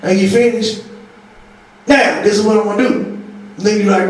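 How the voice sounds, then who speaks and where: A woman pastor preaching a sermon with humor and sudden shouts. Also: medium pitch, fairly even intonation, normal speed, slight background noise. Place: church. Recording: echoey church from a distance.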